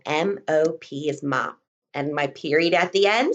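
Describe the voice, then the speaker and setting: A young woman teaching kindergarten remotely from home, speaking in a slow, encouraging, sing-song teacher voice and sounding words out. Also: low-pitched. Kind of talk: remote lesson for young children. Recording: dull lo-fi recording.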